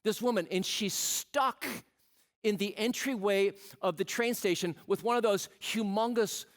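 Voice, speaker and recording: A man's voice: sits high, a little slow, a bit bright. A man in his fifties who is a pastor, preaching a sermon with stories, humorous asides and questions put to the congregation. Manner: storytelling, humorous asides, asks the crowd questions.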